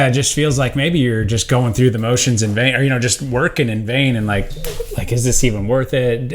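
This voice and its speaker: A man co-hosting a podcast, steady and reflective as he leads into a question. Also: medium pitch, a little hiss or hum. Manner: reflective, steady, draws on scripture. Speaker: podcast co-host. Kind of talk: casual discussion.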